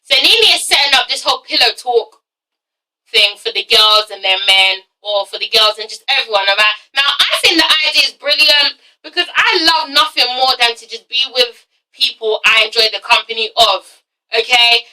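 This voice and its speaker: A nineteen-year-old woman with an English accent gives an animated, casual reality TV review at a moderate pace, sassy, swearing a lot, and repeatedly asking "okay?" Her voice is a little high with a sharp tone, recorded far from the mic on rough audio.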